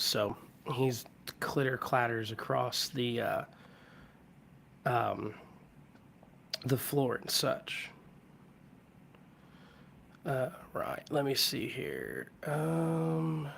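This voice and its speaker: A man with a cold talks through a relaxed live-stream chat from his home, his hoarse voice held low to spare it. There's a gravelly edge to his mid-pitched tone, and he rambles easily between viewers' names and stories. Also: a little hiss or hum. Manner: rambling, greets viewers by name. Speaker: livestream host. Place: at home with hardwood floors.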